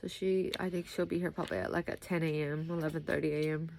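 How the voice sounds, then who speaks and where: A woman's voice: sits low, fairly even intonation, fast, vocal fry, a little mellow, a little hiss or hum. A young woman chatting casually in a rambling vlog, sleepy and often saying "like I said" as she drifts between topics. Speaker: vlogger.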